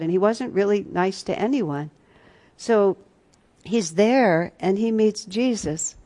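A woman with a fairly low, mellow voice teaches a spiritual retreat class. She tells her stories casually, restarting often and swinging between soft and louder passages. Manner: conversational storytelling, many restarts, shifts between soft and loud. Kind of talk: spiritual class talk, storytelling.

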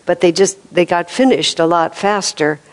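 Older lady in her 70s, spiritual teacher, kinda gravelly low voice, chatty storytelling. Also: moderate pace, low-quality recording. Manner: storytelling with laughs and restarts. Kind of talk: informal spiritual talk.

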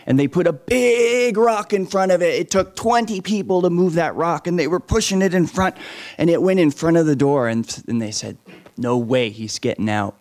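Brief: a lively man telling a story to children, voice a bit high, asks questions. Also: normal speed. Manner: animated, asks the listeners questions.

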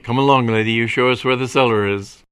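A man voicing a cold, blunt police sergeant who speaks slowly and firmly. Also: medium pitch, fairly even intonation, fairly bright tone, natural voice. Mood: stern. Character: gruff, stubborn middle-aged male police sergeant.

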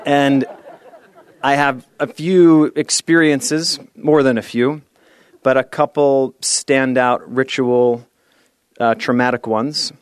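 A man's voice: mid-range voice, fairly even intonation, slow pace, smooth, no echo. Playful man giving a humorous sermon. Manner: playful, storytelling and self-deprecating. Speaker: speaker at a spiritual service. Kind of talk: humorous sermon and guided exercise.

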